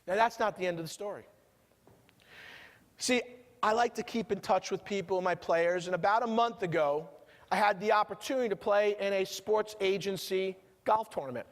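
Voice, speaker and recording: A man with a New York accent and a notably high voice delivers a keynote with lively storytelling energy, often turning to the crowd with questions. His voice rings out with a long reverb tail from a big conference hall. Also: normal speed. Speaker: motivational keynote speaker. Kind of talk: keynote speech.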